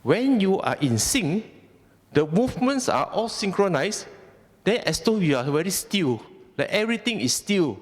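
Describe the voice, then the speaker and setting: A man's voice: high-pitched, very animated, normal speed. Malaysian man preaching in an echoing hall. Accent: Malaysian English. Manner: conversational, asks the audience rhetorical questions. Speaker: Buddhist Dhamma speaker. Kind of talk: Dhamma talk to a congregation. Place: temple hall. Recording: long hall reverb.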